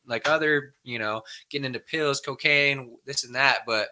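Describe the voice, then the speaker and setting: A young man chatting easily, full of "like" fillers and quick agreements. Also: medium pitch, pushed and bright, a little hiss or hum. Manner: easygoing, many "like" fillers, frequent short agreements. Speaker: podcast co-host. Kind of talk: casual conversation.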